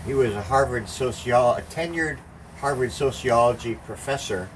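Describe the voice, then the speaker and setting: A man's voice: mid-range voice, normal speed. An older man telling a rambling, profane anecdote in casual conversation, acting out the voices of the people in it. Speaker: storyteller. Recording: distant mic with faint background noise.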